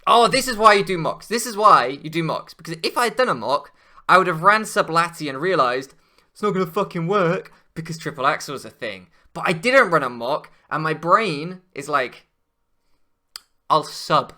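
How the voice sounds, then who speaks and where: A man ranting over a Pokémon match, switching between quiet muttering and loud swearing outbursts. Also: a little high, lively intonation, moderate pace. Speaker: Pokémon draft league player. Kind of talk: gaming commentary rant.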